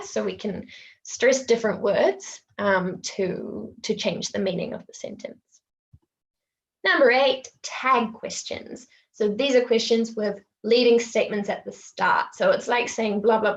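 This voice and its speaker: A woman with a New Zealand accent, an English teacher giving a casual online webinar lesson and acting out example phrases in a lively voice. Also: medium pitch, gravelly, muffled recording.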